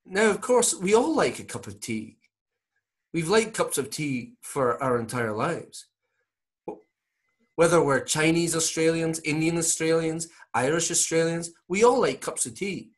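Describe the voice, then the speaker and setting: Guy putting on a scottish brogue, soothing radio doctor, pitched way up. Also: expressive, measured pace. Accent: Scottish, put on. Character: soothing Scottish radio doctor impression, male, middle-aged.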